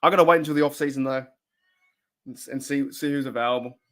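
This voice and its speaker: A fan show host from Australia chats and rambles through a casual livestream, reading viewer comments out loud. He speaks quickly in a medium-pitched voice with a fairly bright tone.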